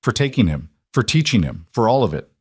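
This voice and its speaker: Brief: man reading a soft, earnest frontier mother, dry close sound. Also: fairly low pitch, big pitch swings, brisk, breathy edge, no echo, full character voice. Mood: grateful. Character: worried, grateful frontier widow mother.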